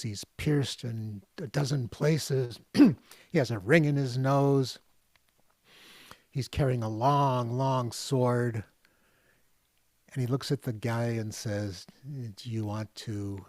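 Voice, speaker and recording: A relaxed male author telling a story. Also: medium pitch, no room sound, clean studio sound. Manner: relaxed, storytelling, with light humor. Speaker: guest author. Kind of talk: storytelling talk on a video call.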